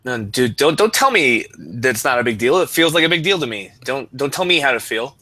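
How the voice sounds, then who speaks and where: A man's voice: mid-range voice, big pitch swings, a little fast, pushed and bright, no echo. A man co-hosting a podcast in casual chat, giving opinionated rants. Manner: opinionated, ranting. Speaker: podcast co-host.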